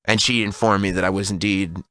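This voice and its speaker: A man in his thirties telling a funny story on a radio talk show, animated and laughing often. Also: deep voice, a little fast, no room sound, clean studio sound. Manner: animated, laughs often, mimics voices in quotes.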